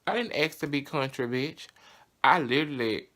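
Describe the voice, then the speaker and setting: A man's voice: mid-range voice, moderate pace, a bit bright. A young man with a Southern US accent, talking casually and candidly to camera in a vlog. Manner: chatty, candid and sassy. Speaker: vlogger.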